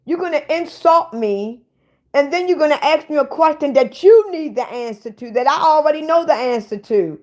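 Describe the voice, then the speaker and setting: A woman's voice: high voice, expressive, moderate pace. A woman hosting a casual livestream, bluntly ranting and swearing at viewers in the chat. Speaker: livestream host.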